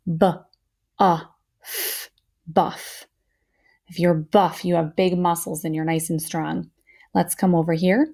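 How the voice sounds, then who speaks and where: A woman teaching a children's phonics lesson, speaking slowly and clearly, encouraging her listeners. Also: lowish voice, warm tone.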